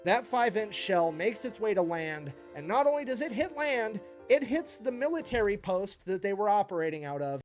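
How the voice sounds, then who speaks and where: A man's voice: sits high, very animated, normal speed, few pauses, faint music behind. A man telling a history story in a casual, jokey way, building each part toward a punchline. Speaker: history storyteller in a played video.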